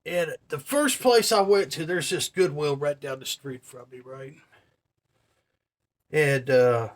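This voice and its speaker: A man on a vlog spins a story and slides into a profane rant, checking in with his viewers as he goes. His voice sits a bit on the high side. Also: takes it slowly. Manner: profane, ranting, addresses viewers directly. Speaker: vlogger. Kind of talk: casual storytelling rant to camera.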